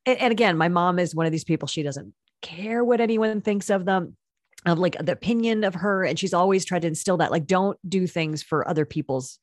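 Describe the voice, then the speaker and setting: Woman, middle-aged, podcast guest, rapid, animated storytelling, slips into quoted voices. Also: on the low side, dry recording, studio quality. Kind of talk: casual conversational chat.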